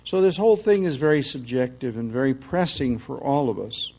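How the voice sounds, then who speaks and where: An older man giving a conversational spiritual lecture as a teacher, often pausing to check in with his listeners. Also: mid-range voice, dark tone, slight background noise, rough recording. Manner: conversational, often checks in with "okay?" and "you see".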